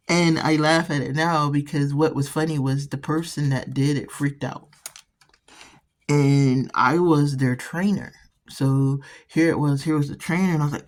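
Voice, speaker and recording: A woman's voice: low-pitched, fairly even intonation, unhurried. A woman hosting an art channel, chatting casually while painting and rambling through stories with frequent restarts.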